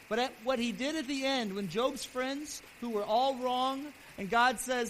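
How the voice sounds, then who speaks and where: A man pastor preaching a sermon earnestly, his voice swelling louder and then dropping soft. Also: very high-pitched, normal speed, hardly any pauses, rough recording. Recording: steady background hiss.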